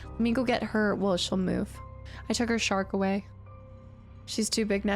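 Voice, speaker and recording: A woman's voice: medium pitch, steady tone, moderate pace, faint music behind. A woman streaming a game live and chatting casually as she thinks aloud through puzzles. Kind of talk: live gameplay commentary.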